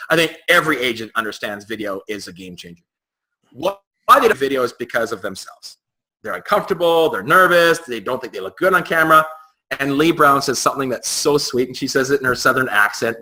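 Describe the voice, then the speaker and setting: A man's voice: mid-range voice, pushed and bright, low-quality recording. A man talking frankly as a guest in a casual interview, often stumbling and repeating words as he goes. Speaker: real estate agent, guest.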